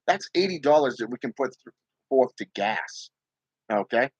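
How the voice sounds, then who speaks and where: A man's voice: medium pitch, expressive, moderate pace, husky, no room sound, low-quality recording. A man hosting his own channel, talking casually and emphatically to viewers about spirit work, often checking in with "okay?". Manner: emphatic, repeats "okay?" and "you know". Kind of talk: casual livestream talk.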